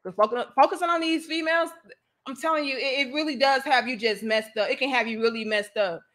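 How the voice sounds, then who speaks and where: A woman hosting a casual live stream, reading donations and speaking in an animated, outspoken, slangy way. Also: high-pitched, fast.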